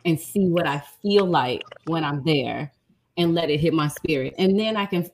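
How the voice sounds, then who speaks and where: Deep-voiced female comic, earnest and blunt, slight noise behind her. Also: moderate pace, darkish tone. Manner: strong-willed, blunt, earnest. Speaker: stand-up comedian. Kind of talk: casual chat.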